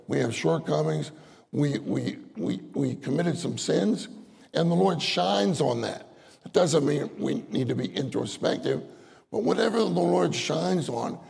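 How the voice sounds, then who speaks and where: A man's voice: on the high side, creaky, a little mellow, breathy edge. A man preaching a sermon, citing verses and repeating phrases, rising into earnest, pleading prayer. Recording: long hall reverb.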